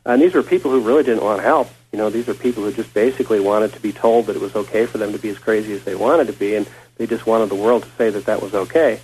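A man's voice: fairly low pitch, fast talker, darkish tone, slight background noise, poor audio. A man hosting a casual talk show, a former psychotherapist who rambles with many fillers and restarts.

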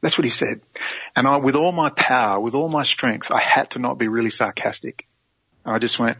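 A man telling a long, rambling story as an interview guest, excitable and jumping between tangents. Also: medium pitch, brisk, breathy edge, no room sound, lo-fi sound.

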